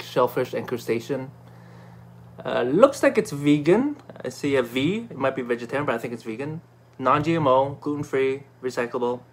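A man chatting casually in a product review vlog, excitable and talkative, with many fillers and restarts. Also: mid-range voice.

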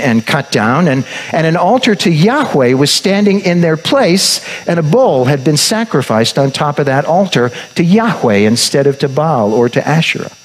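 A man preaching in a relaxed storytelling manner, retelling events plainly. He often restarts and repeats words as he goes. His voice is somewhat higher than most men's. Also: rough recording. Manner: conversational retelling with frequent restarts. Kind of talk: sermon storytelling.

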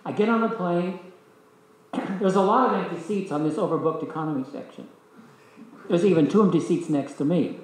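An older man teaching a discipleship class, telling a personal story in a lively, anecdotal way and voicing the people in it. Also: high-pitched, normal speed. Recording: echoey hall.

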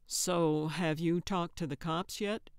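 A woman reading the part of an easygoing, helpful male friend in an audiobook, kindly and unhurried in manner. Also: on the low side, steady tone, clear, resonant tone, no room sound, studio quality. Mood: friendly.

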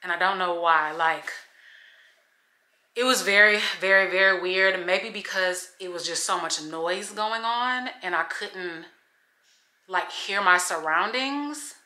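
A young woman vlogger ranting casually to her viewers at home, slangy and animated as she talks straight to camera. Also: on the low side, takes it slowly. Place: home kitchen. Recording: echoey room.

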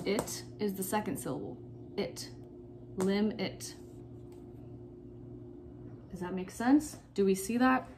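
A woman's voice: mid-range voice, slight background noise. A young woman teacher giving a recorded phonics lesson for children, patiently repeating and sounding out each syllable.

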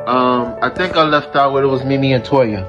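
A man's voice: mid-range voice, fairly quick, lo-fi sound, over music. A man telling a personal story in a casual vlog, rambling with lots of fillers and restarts.

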